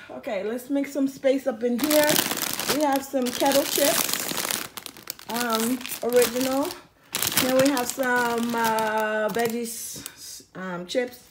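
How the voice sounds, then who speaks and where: A woman's voice: a little high, steady tone, slow pace, noisy background. A woman casually chatting to camera as she unpacks groceries at home, rambling with lots of ums. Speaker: vlogger showing a grocery haul. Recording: crinkling bags and clicks behind.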